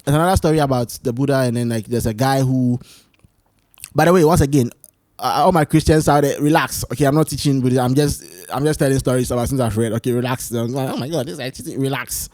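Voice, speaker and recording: A man hosting his own solo talk show, rambling and animated as he tells stories, often restarting his sentences. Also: mid-range voice, fast talker, no room sound, clean studio sound. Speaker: podcast host. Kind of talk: casual solo chat.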